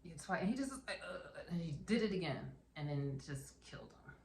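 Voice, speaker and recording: A woman's voice: on the low side, animated, fairly quick, creaky, darkish tone, slight background noise. A woman casually retelling a horror film's plot, acting out scenes with sound effects. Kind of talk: casual film recap. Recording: roomy echo.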